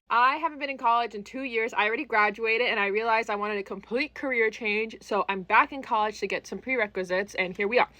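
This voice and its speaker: A young woman rattles through a storytime at a quick clip. Her voice sits fairly high and she laughs often. She talks casually, with plenty of slang. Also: pushed and bright. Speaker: storytime vlogger. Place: New York City.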